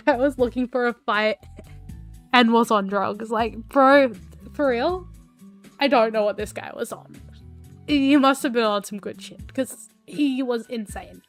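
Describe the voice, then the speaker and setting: A woman's voice: on the high side, slow, soft background music. A woman streamer telling a story casually while she draws, rambling with lots of fillers and swearing.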